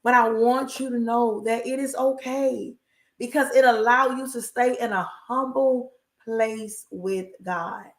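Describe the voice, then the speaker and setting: A woman's voice: a little high, fairly even intonation, measured pace, reverberant. A woman giving an encouraging faith talk on a livestream, emphatic and repetitive, with a preacher-like cadence and folksy asides. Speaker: inspirational speaker.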